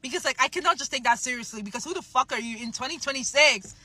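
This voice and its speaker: A young woman with a bright, slightly high voice tells a story to camera. She talks in a lively, expressive way and swears now and then. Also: quick pace, breathy edge, dry recording. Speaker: salesperson.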